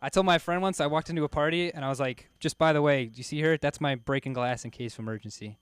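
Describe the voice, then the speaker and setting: A man's voice: on the high side, fast, smooth. A man doing a loose, self-mocking stand-up set on a comedy club stage, laughing at his own jokes.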